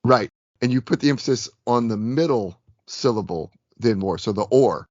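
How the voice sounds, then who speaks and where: A man co-hosting a casual podcast about a tabletop game, chatty and self-deprecating, rambling a bit, slightly hoarse. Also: medium pitch, expressive, moderate pace, darkish tone, no echo, dull audio. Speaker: podcast co-host.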